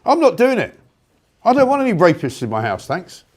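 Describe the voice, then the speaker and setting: A man's voice: sits high, wildly swooping pitch, brisk. Indignant man ranting on air. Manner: sarcastic, indignant, loud outbursts. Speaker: talk show host. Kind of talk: heated opinion rant on live talk radio.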